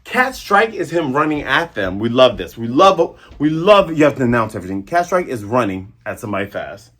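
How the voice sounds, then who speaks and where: A man hosting a casual manga chapter review, excitable and acting out scenes as he goes. His voice is husky and a little breathy. His pitch swings widely and lively. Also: brisk. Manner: animated, excitable, acts out scenes.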